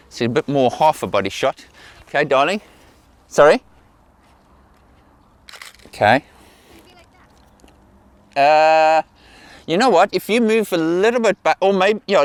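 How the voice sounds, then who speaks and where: A man's voice: a little high, no room sound. Man coaxing a model with praise. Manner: encouraging, repeats praise words. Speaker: portrait photographer. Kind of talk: directing a model during a shoot. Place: sunflower field outdoors.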